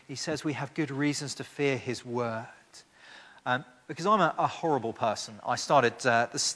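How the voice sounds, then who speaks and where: A man's voice: mid-range voice, a bit bright. A man preaching a sermon with emphatic rhetorical questions and frequent restarts. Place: church hall. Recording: long church reverb.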